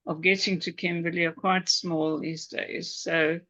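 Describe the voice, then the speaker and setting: A woman's voice: fairly low pitch, flat delivery, measured pace, fairly bright tone, no echo. A woman hosting a video call meeting, chatting and fumbling aloud with her screen sharing. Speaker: host. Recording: dull, dry video call audio.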